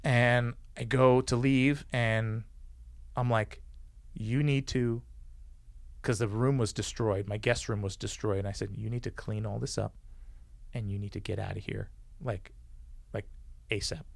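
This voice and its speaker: A man with a gravelly, creaky voice recounts a story as a podcast guest. He is animated and acts out the people he quotes, with frequent swearing. The sound is dry and close, with no room echo. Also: fairly low pitch, a little slow, pauses often. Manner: swears freely. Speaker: podcast guest, former police officer. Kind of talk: casual storytelling.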